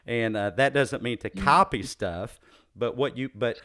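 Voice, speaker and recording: A man's voice: mid-range voice, measured pace, pushed and bright. A man with a Southern US accent hosting an interview, often hesitating and restarting his phrases. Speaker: podcast host. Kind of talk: interview conversation.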